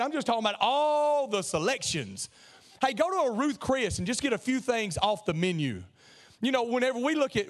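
A pastor preaching a sermon in an animated way, acting out comic scenes with shouts. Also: male voice, high-pitched.

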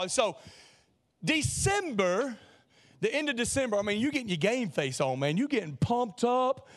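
A pastor preaching a sermon in an animated way, acting out comic scenes with shouts. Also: male voice, extremely high pitch, a little slow.

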